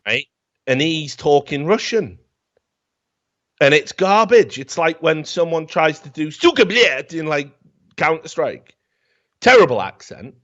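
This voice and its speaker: A man's voice: on the high side, lively intonation, a little slow, long pauses, fairly bright tone. A man, hosting a talk show and ranting comically about a film in a profane, rambling, mocking way. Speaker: podcast host. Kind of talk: comedic film rant. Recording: dull lo-fi sound.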